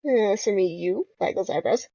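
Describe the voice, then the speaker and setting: A woman's voice: mid-range voice, moderate pace, creaky, mellow, husky, no echo. A young woman playing a dating game aloud, reading the narration and joking playfully with frequent laughs. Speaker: gamer. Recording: dull lo-fi home recording.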